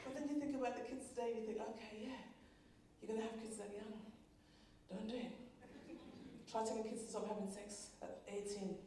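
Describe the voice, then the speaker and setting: A woman with a fairly high, quick voice does live stand-up in a large venue, telling energetic stories, impersonating her family members, and addressing the audience directly. The recording is echoey and distant, with background noise and a loud crowd.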